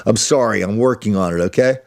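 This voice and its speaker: A man's voice: fairly low pitch, quick pace. Blunt, rambling male podcast host. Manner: rambling, with many restarts and asides; blunt and combative. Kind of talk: solo opinion monologue.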